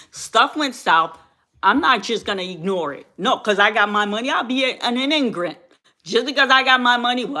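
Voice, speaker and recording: Fiery, bright-voiced woman channel host. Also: fairly high pitch. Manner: fiery, preachy, repeats phrases for emphasis. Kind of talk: impassioned commentary to viewers.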